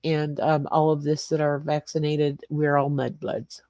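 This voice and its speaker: A woman's voice: deep voice, little pitch movement, measured pace, warm tone, no echo. An older woman hosting a casual livestream from her small garage suite, greeting viewers by name and rambling through the chat. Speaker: livestream host.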